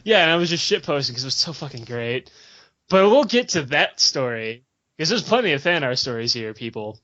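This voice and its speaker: A man's voice: a little high, very animated, brisk, bright, forceful tone. A young man telling a long, profane gaming story in casual podcast chat, rambling and giggling as he goes. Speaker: podcast host. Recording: dull lo-fi podcast audio.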